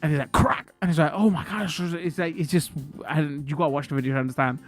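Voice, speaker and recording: A man's voice: fairly high pitch, rapid-fire, faint music behind. Man telling stories on stream. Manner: animated rambling storytelling with slang and laughter. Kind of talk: casual live-stream chat.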